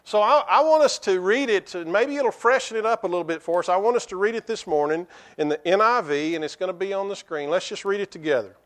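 A man preaching a sermon as pastor, with halting restarts and fillers, slowing down to read scripture. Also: sits high. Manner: slows to a measured pace when reading scripture aloud.

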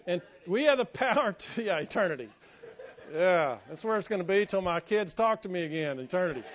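A man's voice: sits high, lively intonation, a little fast. Pastor guy preaching, folksy, cracks jokes at himself, kinda muffled lo-fi sound. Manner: folksy, self-joking, drops to a hushed tone for stories. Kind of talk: sermon. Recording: muffled lo-fi sermon recording.

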